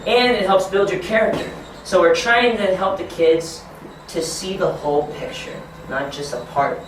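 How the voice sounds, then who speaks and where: A man training teachers, talking encouragingly and acting out excited children in a high voice. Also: moderate pace, a little hiss or hum. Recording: echoey room from far off.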